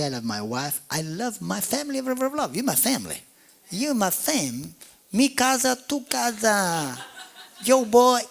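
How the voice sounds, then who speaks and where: A man with a Maltese accent, preaching a lively, joking sermon as pastor at a church service, calling on the congregation to answer back. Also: a little high, creaky. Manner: animated, jokey, call-and-response preaching.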